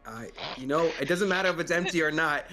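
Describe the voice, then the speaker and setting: A man playing a well-meaning, fussy adventurer in a tabletop game, talking in a halting, fretful way. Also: a little high, pushed and bright, soft background music, voice pushed up.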